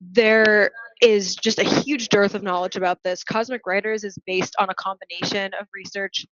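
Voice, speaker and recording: A woman's voice: medium pitch, little pitch movement, moderate pace, hardly any pauses, a bit bright, dry recording, highs cut off. A young woman founding a nonprofit, answering interview questions in long, earnest, articulate sentences.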